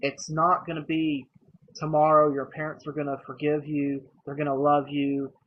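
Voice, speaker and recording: A man's voice: fairly high pitch, completely flat delivery, normal speed. A young man vlogging about his own life in a casual, earnest and emotional way, speaking plainly to the camera. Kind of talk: personal storytelling to camera. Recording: slightly dull lo-fi recording with faint noise.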